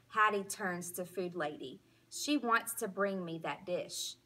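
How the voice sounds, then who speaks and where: Teacher lady reading a kids book, slow and expressive, bit breathy. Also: lowish voice. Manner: slow, expressive, animated storytelling. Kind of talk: children's storybook read-aloud.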